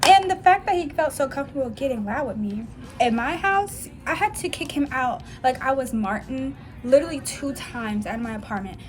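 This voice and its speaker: A woman's voice: high voice, lively intonation, fairly quick. A young woman in her twenties telling a blunt, profane storytime rant in a casual vlog. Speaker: vlogger. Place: dim room at home.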